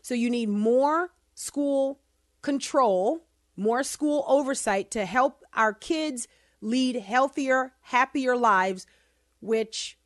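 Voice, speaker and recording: A woman hosting a podcast, talking through survey data with sarcastic asides, speeding up and then slowing down for emphasis. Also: a little high, no echo, studio quality. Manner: animated, sarcastic asides, quick bursts then slow emphasis. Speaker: podcast host. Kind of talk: casual opinion podcast talk.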